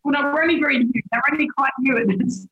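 A woman's voice: high voice, fairly even intonation, quick pace, lo-fi sound. A woman, talking bluntly and frankly as a podcast guest and laughing often. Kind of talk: casual chat. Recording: roomy echo.

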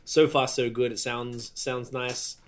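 A man's voice: medium pitch, little pitch movement, takes it slowly. A young Australian man co-hosting a podcast, chatting casually with swearing and jokes. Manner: sweary, joking banter. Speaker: podcast co-host. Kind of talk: casual chat.

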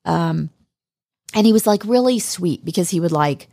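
Low-voiced woman reminiscing casually. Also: lively intonation, moderate pace, vocal fry, no echo, studio quality. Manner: rambling, warm reminiscing with many fillers. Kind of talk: casual podcast chat.

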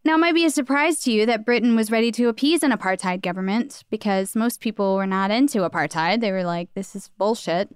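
A woman's voice: on the high side, quick pace, hardly any pauses, smooth, no echo, clean studio sound. Blunt woman co-hosting a history podcast. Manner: blunt, profane, emphatic. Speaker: podcast co-host. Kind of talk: casual history chat.

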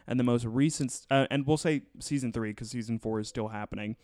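Man, casual podcast host, rambling chatter, smooth and resonant, dry sound. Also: mid-range voice, quick pace, a little mellow, dry recording. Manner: rambling, many fillers and restarts. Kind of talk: casual podcast chat reviewing a TV show.

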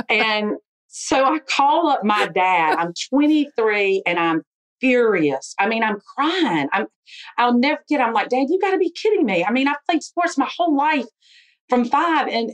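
A woman, telling a frank, animated story about her sports life in an interview. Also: fairly high pitch, moderate pace, rough recording. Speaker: interviewee, football official.

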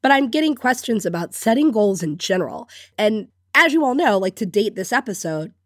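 On her solo podcast, a host and business coach talks while sick, sounding congested and scratchy yet upbeat, with frequent little laughs between phrases. Her mid-range voice is sing-song and brisk, recorded cleanly in a studio with no room sound.

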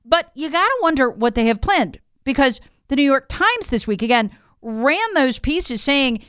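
A woman's voice: high voice, very animated, moderate pace, fairly bright tone, dry recording, studio quality. An American woman giving emphatic, incredulous opinion commentary, leaning on rhetorical questions. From United States. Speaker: political commentator.

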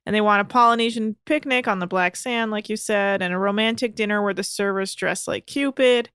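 A woman recaps episodes on a podcast in a dry, matter-of-fact way. Her voice is bright and forward, and the close mic adds no room sound. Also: mid-range voice, fairly quick, smooth, no room sound. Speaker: podcast co-host recapping a reality show. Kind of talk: casual recap chat.

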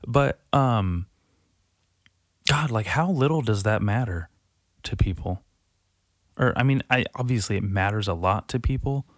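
On his solo podcast, this man delivers a casual, profane, self-deprecating monologue that wanders, with frequent sighs and sentences that fade into mutters and restart. He has a mid-range voice, captured in a dry, studio-quality recording.

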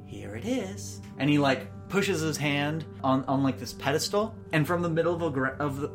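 A woman's voice: sits low, a little fast, music in the background. A woman narrating as game master, describing scenes loosely with many filler words. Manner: casual, lots of "like" fillers.

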